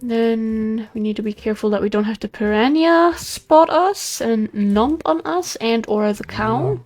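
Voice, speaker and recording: A woman's voice: fairly high pitch, expressive, a little slow, darkish tone. A woman casually talking through her game as the host of a let's play, chatting to the animals on screen. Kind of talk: casual gameplay commentary.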